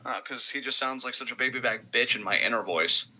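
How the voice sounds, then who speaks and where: A young man with a very bright, crisp voice at a middling pitch. He calls the ring action in casual chat and adds dry, sarcastic asides. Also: a little fast, slight background noise, low-quality recording. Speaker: co-host of a live wrestling reaction stream. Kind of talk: casual live reaction chat.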